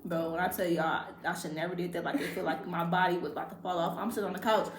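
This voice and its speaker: A young woman vlogger telling a story in casual chat, animated and laughing, talking straight to her viewers. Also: lowish voice, quick pace. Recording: echoey room with faint background noise.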